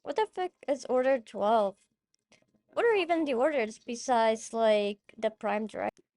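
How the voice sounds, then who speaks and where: A woman's voice: on the high side, expressive, moderate pace, a little mellow. A woman hosting a podcast, chatting casually about a movie she loves, swearing freely and getting emotional. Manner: swears freely, gets emotional, many fillers. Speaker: podcast host. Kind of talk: casual rambling movie chat.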